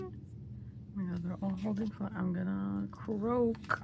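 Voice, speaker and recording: A woman's voice: medium pitch, fairly even intonation, a little slow, vocal fry, dark tone, a little hiss or hum. A young woman, gushing and giggling as she unboxes albums in a casual vlog. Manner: giddy, gushing, laughs often. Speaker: unboxing vlogger. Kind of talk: excited casual unboxing chat.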